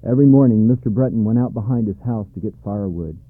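A man's voice: on the low side, fast, no room sound. Man reading a storybook, thin dry sound. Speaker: narrator. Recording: dry tinny narrow-band sound.

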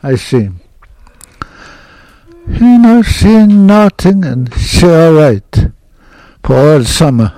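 An older man telling an oral history hunting story in halting, broken English, with many restarts. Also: on the high side, very animated, warm tone, no room sound, poor audio. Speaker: interviewee.

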